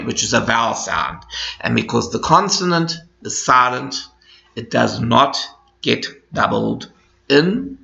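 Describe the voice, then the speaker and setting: A man teaching an English grammar lesson to students, explaining slowly and patiently with lots of repetition. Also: mid-range voice, gravelly, bright, forceful tone. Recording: echoey room, dull lo-fi sound.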